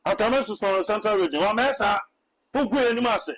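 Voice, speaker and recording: High-voiced Ghanaian prophet preaching. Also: male voice, brisk, fairly bright tone, rough recording. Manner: preachy, repetitive, hesitant restarts. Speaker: self-styled prophet. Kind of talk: animated Twi commentary mixed with English.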